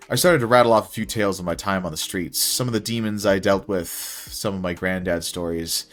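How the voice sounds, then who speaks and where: Young man, very deep voice, wry casual narration, first-person story reading. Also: fairly quick, few pauses, fairly bright tone, faint music behind. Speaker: author reading his own story.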